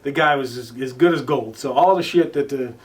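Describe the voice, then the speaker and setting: A man being interviewed as a guest, telling stories casually, with many restarts and fillers, now and then swearing and loudly acting out what others said. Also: medium pitch, fairly quick, distant mic. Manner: swears casually and acts out quoted lines loudly. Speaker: interview guest, recording artist. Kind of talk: casual storytelling in conversation.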